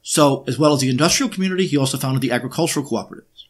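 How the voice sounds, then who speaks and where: A man's voice: mid-range voice, very fast, breathy edge. Emphatic man with sarcastic rhetorical questions. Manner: frequent hesitations with uh and um. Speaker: presenter. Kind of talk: unscripted history monologue.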